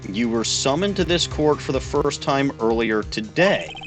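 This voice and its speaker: A man's voice: lively intonation, moderate pace. Theatrical male streamer voicing a lawyer. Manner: theatrical, lowered courtroom delivery with swearing asides. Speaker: streamer playing a game. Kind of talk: dramatic game dialogue reading. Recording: faint music behind.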